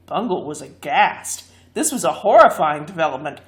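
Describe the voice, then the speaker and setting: A woman reading a fantasy story aloud, expressive and lively. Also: low-pitched, normal speed. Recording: echoey room.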